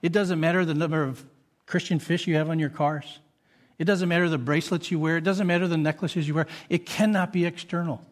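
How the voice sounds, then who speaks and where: A man preaching a sermon as a pastor, earnest and full of rhetorical questions to the congregation. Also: on the high side.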